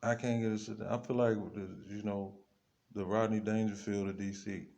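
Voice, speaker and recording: A man's voice: on the low side, flat delivery, normal speed, darkish tone. A man vlogging, ranting to the camera in a loose, rambling way, full of slang and asides to himself. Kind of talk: rambling casual rant to camera.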